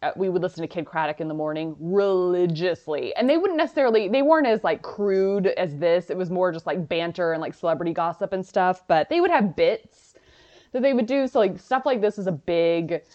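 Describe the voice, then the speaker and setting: Chatty low-voiced woman from Dallas. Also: brisk, a little mellow, dull audio. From Dallas, Texas. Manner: chatty, filler-heavy storytelling. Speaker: podcast co-host. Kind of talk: casual chat.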